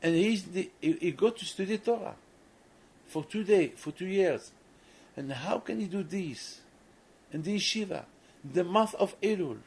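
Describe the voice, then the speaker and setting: Speaking at a measured pace, a rabbi whose voice sits high and sounds a little mellow and slightly rough tells a story within his sermon. His English is non-native, he frequently restarts and repeats words, and the recording is low quality.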